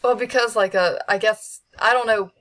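A woman's voice: mid-range voice, steady tone, normal speed, a bit bright. Hesitant woman, fillers and restarts. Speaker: voice actor guest. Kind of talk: casual interview chat. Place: at home with a dog.

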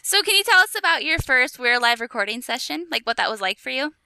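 A woman hosting a casual podcast interview, upbeat and quick to react. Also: sits high, sing-song, gravelly, sharp tone, smooth, no room sound. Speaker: podcast host.

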